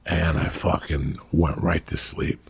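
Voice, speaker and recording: A man's voice: rumbling low, flat delivery, measured pace, gravelly, slightly rough, no echo. A man in his fifties telling rambling, profane stories in a casual podcast chat. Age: 50s. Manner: rambling, profane, laughing storyteller. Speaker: podcast host.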